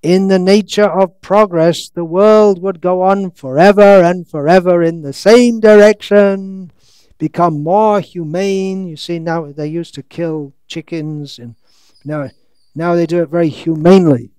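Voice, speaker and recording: A man giving a scriptural lecture, reading out quotes slowly and breaking into sarcastic, ironic asides. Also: high voice, steady tone, a little mellow, clear, resonant tone, no room sound. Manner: reads quotes slowly, stretches words. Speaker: monk lecturer. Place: lecture hall in India.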